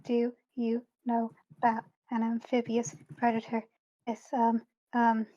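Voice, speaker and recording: A woman playing a tabletop game, chatting in a giggly, excitable way. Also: on the high side, takes it slowly, highs cut off. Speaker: player. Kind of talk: casual tabletop play.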